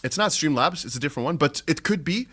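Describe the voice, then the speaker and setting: A man hosting a casual livestream, animated and chatty with his viewers. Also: fairly high pitch, fast talker, husky. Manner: animated, laughing, talks to viewers as lads. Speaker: livestream host.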